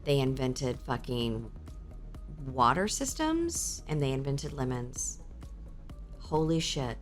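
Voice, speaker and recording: A woman streamer in casual live-stream chat, swearing freely and answering her chat aloud with excitable reactions. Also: extremely low pitch, slow pace, faint music behind.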